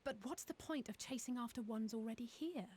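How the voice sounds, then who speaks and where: Inquisitive game character, higher voice, quiet and distant. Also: female voice, brisk, breathy edge. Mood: curious.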